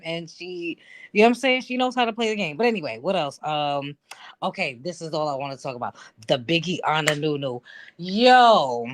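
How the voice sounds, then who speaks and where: A woman calling in to a casual chat, talking bluntly and animatedly and swearing freely. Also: fairly low pitch. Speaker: guest caller.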